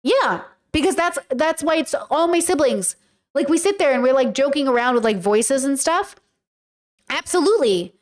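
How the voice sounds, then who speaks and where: Woman, high-pitched, casual commentary host, rambling, animated, lots of fillers, mimics voices. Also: moderate pace. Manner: playfully mimics voices and quotes. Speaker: YouTuber and podcast host.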